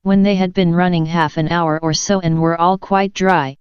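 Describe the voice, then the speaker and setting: A woman narrating a children's audiobook in a gentle, measured storytelling manner. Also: lowish voice, steady tone, smooth, no echo. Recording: dull lo-fi dry recording.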